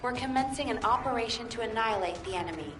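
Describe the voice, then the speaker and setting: Brisk female game operator. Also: on the high side, lively intonation. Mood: commanding. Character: female military operator giving orders. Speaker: mission briefing voice. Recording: game audio under loud music.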